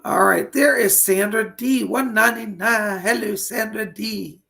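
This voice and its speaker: A man's voice: high-pitched, measured pace, vocal fry, sharp tone. A man hosting a live online psychic reading, talking chattily, greeting viewers by name, and losing his voice.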